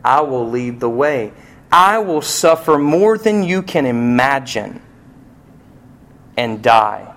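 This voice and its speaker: A man in the pulpit, telling a personal story as part of his sermon. His voice sits in an ordinary middle pitch, dropping low and quiet for tender moments, then climbing into loud, pleading cries. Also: animated, slow pace, long pauses. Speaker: pastor.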